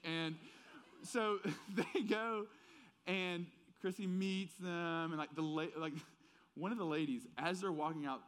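A man with a faint Southern accent preaching a casual, conversational sermon, telling stories in an animated way with many fillers. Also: sits high, unhurried, smooth.

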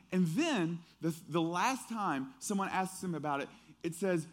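Man preaching with hushed, animated swings. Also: sits high, unhurried. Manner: shifts between hushed prayer and animated storytelling; conversational, with fillers and acted quotes. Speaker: pastor. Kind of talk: sermon.

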